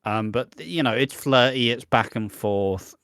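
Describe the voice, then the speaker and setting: A man's voice: medium pitch, a little slow, fairly bright tone, smooth, dry recording, clean studio sound. A man co-hosting a podcast, recapping a soap in casual, jokey chat full of swearing, from a room at home. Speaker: podcast co-host.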